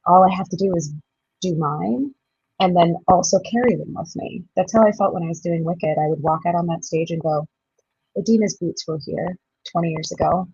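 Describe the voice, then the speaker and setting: Brief: low, husky-voiced actress in her 30s, bubbly raconteur, dry lo-fi sound. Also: a little fast, no echo. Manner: bubbly, laughs often, lively storytelling. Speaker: touring musical theatre actress, guest. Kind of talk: casual interview chat.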